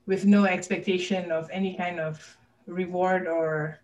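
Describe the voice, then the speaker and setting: A woman's voice: fairly low pitch, fairly even intonation, unhurried, a little mellow, lo-fi sound. Earnest woman, slightly distant mic. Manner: earnest, open about personal struggles. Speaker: podcast guest. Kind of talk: candid personal conversation.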